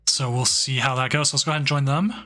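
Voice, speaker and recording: A man hosting and commentating a card game tournament stream, relaxed and joking, with loose filler words. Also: medium pitch, quick pace, over music. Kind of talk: casual live game commentary.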